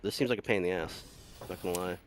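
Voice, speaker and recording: A man's voice: sits low, rapid-fire, noisy background. A man streaming a video game, chatting casually with a friend in a laid-back, swearing, dry way. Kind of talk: casual gameplay chat.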